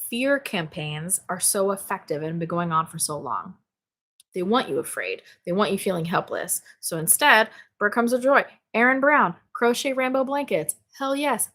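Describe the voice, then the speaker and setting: A woman's voice: medium pitch, fairly bright tone. Bubbly woman hosting a live stream. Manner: bubbly, exclamatory, laughs often and swears casually. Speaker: spirituality livestream host. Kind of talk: casual live-stream chat reading viewer comments. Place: home office.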